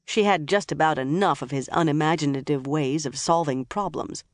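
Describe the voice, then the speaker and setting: Audiobook narrator, even measured crime novel read, dry close sound, mid pitch. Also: dry recording.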